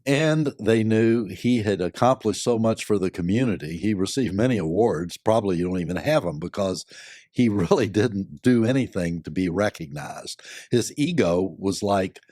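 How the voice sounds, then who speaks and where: An older man, a company board member and lawyer, giving measured, thoughtful answers with many pauses and fillers. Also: lowish voice, expressive, darkish tone, dry recording, studio quality. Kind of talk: reflective interview answers.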